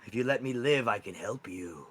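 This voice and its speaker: A man's voice: lively intonation, normal speed, a bit bright, husky. A man voicing a cornered male Wendigo monster who begs frantically for his life. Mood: pleading. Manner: high, frantic begging.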